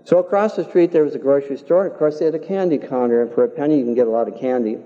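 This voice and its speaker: An older man preaching a sermon in a church, talking in an earnest, measured way and telling folksy stories. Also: medium pitch. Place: church sanctuary. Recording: dull, reverberant church hall.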